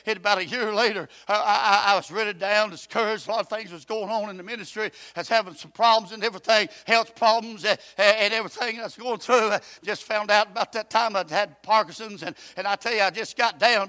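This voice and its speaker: A pastor with a high, bright voice preaches a storytelling sermon. His talk is folksy and plain. He swings from hushed asides to loud shouts. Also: steady tone, fast talker, few pauses. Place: church.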